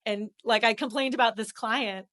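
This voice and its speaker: A woman guest on a podcast, telling candid personal stories in an animated, conversational way and laughing often. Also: on the high side, normal speed. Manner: animated, laughs often, acts out quoted voices. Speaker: real estate agent, podcast guest.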